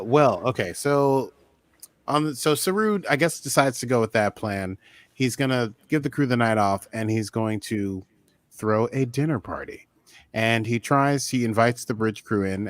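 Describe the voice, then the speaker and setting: Man, podcast co-host, casual recap, jokey, mid pitch, dry close mic. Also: no room sound. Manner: chatty, jokey, with sudden pitch jumps.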